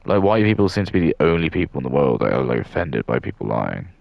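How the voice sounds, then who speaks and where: A man's voice: a bass voice, big pitch swings, quick pace, vocal fry, no echo, dull audio. A young man with a southern English accent, rambling in a casual monologue full of fillers and restarts. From southern England. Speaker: streamer.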